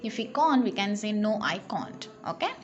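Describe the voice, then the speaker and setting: A woman teacher, slowly reading word lists and example questions in a lesson. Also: medium pitch, very animated, lo-fi sound. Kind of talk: recorded online English lesson.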